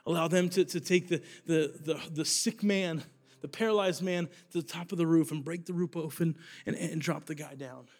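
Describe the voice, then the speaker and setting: A man's voice: fairly high pitch, steady tone, normal speed, a little mellow. A young man preaching a sermon as youth pastor, telling a story earnestly with rising emphasis and repeated phrases.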